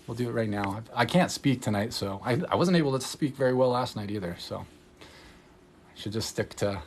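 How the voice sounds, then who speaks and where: A man, an energy healer, talking in a casual, rambling livestream chat, candid and excitable, swearing freely and laughing often. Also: mid-range voice, a little hiss or hum. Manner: loose rambling talk full of "like". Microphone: phone livestream.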